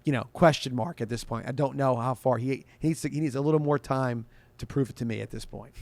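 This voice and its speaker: A man's voice: medium pitch, fast, gravelly, dry recording. Sports radio guy rambling thru listener questions, dry close mic. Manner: rambling, restarts sentences, chuckles. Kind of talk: casual sports talk show chat.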